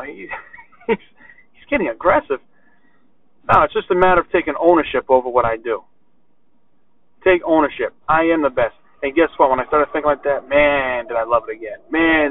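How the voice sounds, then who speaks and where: A man's voice: on the high side, no echo. Blunt ranting man on a tinny line. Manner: blunt, ranting, with swearing and rhetorical "right?". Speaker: podcast host and barber. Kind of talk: solo podcast rant.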